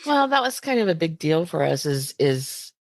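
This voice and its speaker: Low gravelly woman guest. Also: very animated, normal speed, no room sound. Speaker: contest organizer guest. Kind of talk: casual podcast chat.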